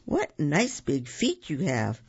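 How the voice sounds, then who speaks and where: A storyteller voicing a cheerful, polite young male wolf pup, high and eager, on a dull recording. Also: huge pitch swings, slow pace, breathy edge, full character voice. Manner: eager, bright and chirpy.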